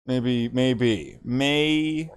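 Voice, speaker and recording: A man's voice: mid-range voice, drawn-out words, clean tone, no room sound, clean studio sound. A man from Canada hosting a casual livestream while he paints models, rambling, self-mocking and repeating words as he goes. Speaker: hobby streamer.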